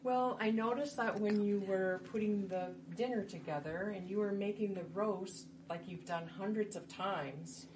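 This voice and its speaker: Woman playing a gentle middle-aged daughter. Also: medium pitch, moderate pace, few pauses, lightly acted. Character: caring daughter in her mid-forties. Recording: distant mic, noisy room.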